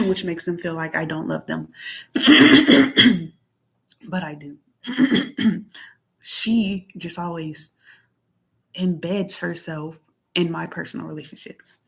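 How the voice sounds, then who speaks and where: Aggrieved woman vlogger, lowish voice. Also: gravelly, a bit bright, slightly rough. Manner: reads out text messages and comments on them; plainspoken, aggrieved, repeats herself. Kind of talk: casual venting monologue.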